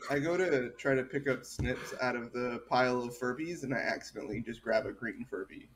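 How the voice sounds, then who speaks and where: A man's voice: mid-range voice, brisk, slight background noise. A man playing a tabletop game, talking in a plain, earnest way. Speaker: player.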